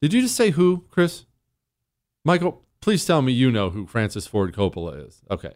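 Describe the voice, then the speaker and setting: Male radio show host, smooth voice, close dry mic, blunt emphatic delivery. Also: medium pitch, wildly swooping pitch, normal speed, darkish tone, no echo. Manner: blunt, emphatic, repeats key points. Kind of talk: call-in advice talk show. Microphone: studio microphone.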